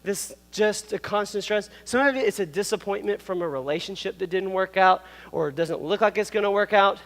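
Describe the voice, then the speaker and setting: On stage in a church hall, a man in his thirties preaches a relaxed, playful youth sermon through a worn microphone, tossing in asides and laughter. He speaks high-pitched, fairly quickly and a bit brightly, and the large hall is audible.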